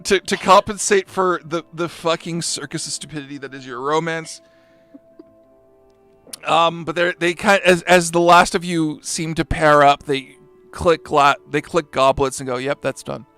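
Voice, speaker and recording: A man's voice: on the high side, steady tone, a little slow, pushed and bright, clear, resonant tone. Man game master, wry, with music. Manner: swearing, wry asides, voicing characters in quotes. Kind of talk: narrating a tabletop game.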